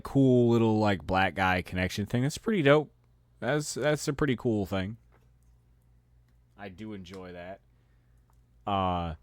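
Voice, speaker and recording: Lowish-voiced man ranting with heavy swearing. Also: no echo, clean studio sound. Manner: swears heavily, restarts and repeats words; exasperated, riled-up delivery. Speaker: podcast host. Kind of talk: casual profane rant.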